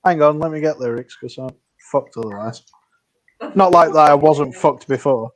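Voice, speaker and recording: A man's voice: fairly high pitch, normal speed, poor audio. A man joking with friends in a sheepish, self-deprecating way, swearing as he goes. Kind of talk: casual banter.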